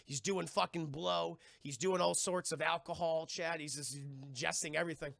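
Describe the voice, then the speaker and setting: A man's voice: a little high, fairly even intonation, gravelly, fairly bright tone, no room sound. A man streaming a casual, profane recap of a TV episode, talking to his chat and acting out the characters' lines. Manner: profane, rambling, keeps addressing chat; acts out quoted lines in quick voices.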